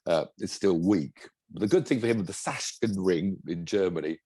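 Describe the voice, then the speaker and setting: A man's voice: low voice, moderate pace, dark tone, slightly rough, no echo. A man, a former racing driver, co-hosting a casual motorsport chat, enthusiastic and rambling, full of restarts. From England.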